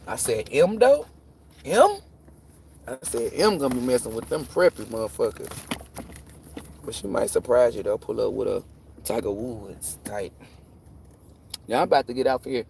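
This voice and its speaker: A man's voice: medium pitch, moderate pace, gravelly, long pauses, darkish tone, a little hiss or hum. A man hosting a tarot livestream, chatting casually and telling profane stories. He laughs often and acts out the voices of the people he quotes.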